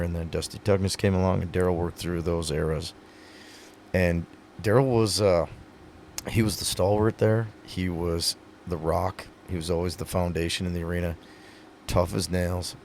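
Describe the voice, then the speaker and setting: Low gravelly man telling stories. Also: darkish tone, slight background noise. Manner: earnest, storytelling, many fillers. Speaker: retiring pro rodeo athlete, guest. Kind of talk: casual podcast conversation.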